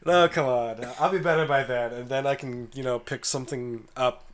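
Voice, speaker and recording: An American man with a hoarse, cold-worn voice, co-hosting a casual podcast chat with wry, easygoing humor. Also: mid-range voice, fairly even intonation, normal speed. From United States. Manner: laughs often, wry and easygoing. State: hoarse, voice mostly gone from a cold. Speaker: podcast co-host.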